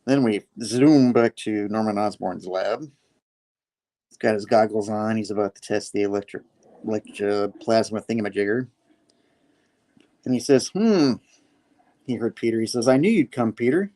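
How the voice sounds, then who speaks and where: A man's voice: lowish voice, fairly even intonation, moderate pace, pauses often, dark tone. A man recapping a comic issue in a casual, rambling way, full of fillers and quoted lines. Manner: rambling, filler-heavy, quoting characters. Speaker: comic book reviewer.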